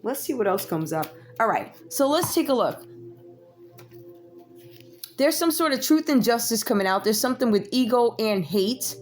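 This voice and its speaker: A woman's voice: a little high, lively intonation, moderate pace, faint music behind. A woman, giving a casual tarot reading with sassy, chatty asides to her viewers. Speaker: tarot reader.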